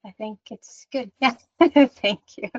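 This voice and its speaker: A woman's voice: medium pitch, fairly even intonation, unhurried, fairly bright tone, dry recording, dull audio. A woman hosting an online workshop, talking in an earnest, reassuring way and reading audience comments aloud over a video call. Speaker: workshop host. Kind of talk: encouraging online workshop talk.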